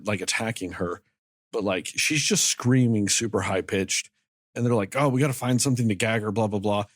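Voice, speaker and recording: A fairly low-pitched man speaks in a studio-quality recording with no room sound. He co-hosts a casual film review podcast, rambling through scenes with free swearing and often voicing characters' lines in quick asides.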